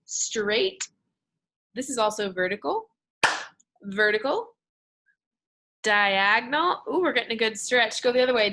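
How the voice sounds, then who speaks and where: Bright, upbeat woman art teacher. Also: mid-range voice. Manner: upbeat, call-and-response chanting with gestures. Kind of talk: classroom lesson to children.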